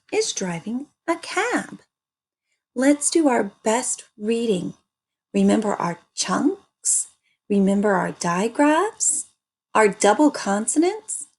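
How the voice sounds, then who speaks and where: A woman teaching an early reading lesson, speaking slowly and sounding out words for young children. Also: medium pitch, a little mellow, breathy edge.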